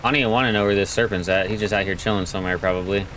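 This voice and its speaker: A man's voice: on the low side, steady tone, rapid-fire, fairly bright tone, slight background noise, poor audio. Slangy laid-back man gaming. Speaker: gaming channel host. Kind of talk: casual let's play commentary.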